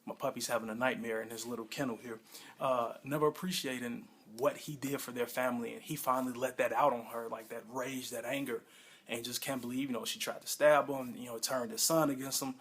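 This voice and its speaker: A man casually reviewing a TV episode at home, excitable and rambling, with lots of fillers and self-corrections. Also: medium pitch, fairly quick. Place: home room with a pet nearby.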